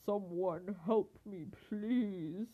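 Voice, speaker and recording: A grandmother voicing a big lion with a cold who roars his words slowly in a picture book reading. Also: medium pitch, breathy edge, phone-quality sound. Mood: sniffly. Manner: slow, roaring.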